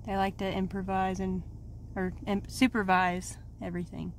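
A woman's voice: mid-range voice, flat delivery, a little fast, a little hiss or hum. A woman vlogging casually from a car, chatting and rambling with lots of fillers. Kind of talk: casual vlog chat.

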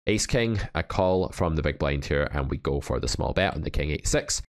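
Wry deep-voiced poker coach. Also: male voice, normal speed. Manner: wry, animated, joking asides. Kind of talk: hand review commentary.

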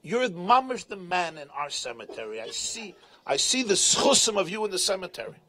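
A man's voice: sits high, big pitch swings, normal speed, sharp tone, slight background noise, exaggerated voice. A man voicing a sly devout man who heaps mock praise on a fraud, mock-admiring and then scolding. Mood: gushing.

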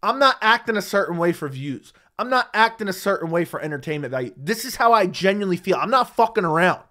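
A man's voice: high-pitched, lively intonation, fast talker, pushed and bright. A man hosting an MMA livestream, ranting in a heated, profane, emphatic way into a studio mic. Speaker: MMA commentary host. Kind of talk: livestream rant. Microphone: studio dynamic mic.

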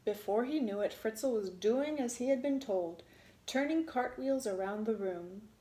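A woman reading a storybook aloud in an expressive way, relishing the sound words. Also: on the high side, unhurried, reverberant.

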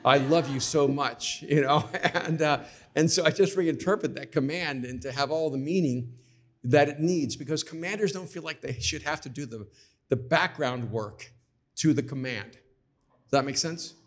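A middle-aged man, a podcast guest, tells stories in a lively, conversational way and slips into the voices of the people he quotes. His voice sits fairly high for a man. He was recorded at a live taping. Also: moderate pace. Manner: animated anecdotes, acts out quoted voices. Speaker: author guest. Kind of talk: conversational storytelling.

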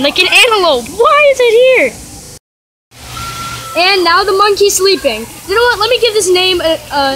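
A woman vlogging casually on a phone at a theme park, chatty and excitable. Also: very high voice. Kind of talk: casual handheld vlog narration. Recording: noisy outdoor park ambience.

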